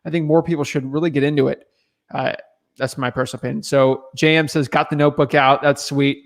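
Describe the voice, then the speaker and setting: A man's voice: mid-range voice, fairly quick, gravelly. Chatty man on a livestream. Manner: relaxed, chatty, loose filler words and restarts. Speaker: real estate wholesaler answering viewer questions. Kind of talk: casual livestream chat.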